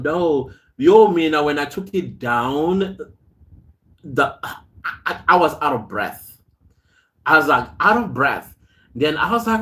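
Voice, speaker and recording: A man's voice: fairly high pitch, sing-song, slow, long pauses, fairly bright tone. A man hosting a casual live stream, greeting viewers by name, reading their comments aloud and telling chatty stories with frequent laughs. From South Africa. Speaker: host.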